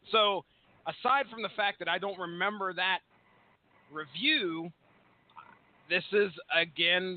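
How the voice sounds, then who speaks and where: A man co-hosting a casual podcast, excitable and swearing, laughing often. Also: high-pitched, slight background noise. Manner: excitable, profane, laughs a lot. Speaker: podcast co-host. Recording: phone-like band.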